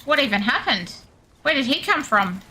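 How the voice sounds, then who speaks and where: Bright-voiced Australian woman streaming a game. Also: sits high, big pitch swings, normal speed, slightly rough. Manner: chatty, self-deprecating, laughs often, reads chat aloud. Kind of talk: casual gaming stream chat.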